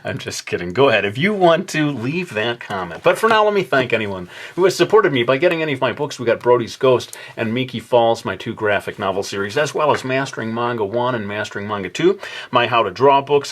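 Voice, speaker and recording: A man narrating his drawing tutorial in a relaxed, rambling way, joking about himself as he works. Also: medium pitch. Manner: relaxed, rambling, self-deprecating with playful asides. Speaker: drawing instructor.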